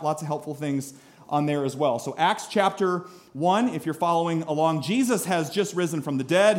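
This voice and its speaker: A man in his thirties preaching a sermon in a church, conversational and animated, full of rhetorical questions. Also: a little high. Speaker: pastor. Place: church sanctuary.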